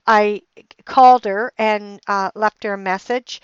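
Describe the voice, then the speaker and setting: On her podcast, this middle-aged host rambles through a personal story with many fillers and restarts, turning heated and emphatic when describing her anger. Her voice is medium-pitched, smooth and fairly even at a measured pace, captured in a dull, lo-fi, dry recording with no echo.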